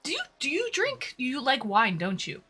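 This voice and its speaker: Bright lively Massachusetts woman streamer. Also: sits high, normal speed, soft background music. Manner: chatty, reads chat aloud, eats between words. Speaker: streamer hosting online dates. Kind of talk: casual livestream chat.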